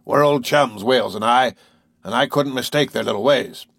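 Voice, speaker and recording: A man voicing an eager, excitable male harpooner in a read-aloud adventure story. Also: medium pitch, moderate pace, creaky, dry recording, clean studio sound. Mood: excited. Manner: excited, exclaiming.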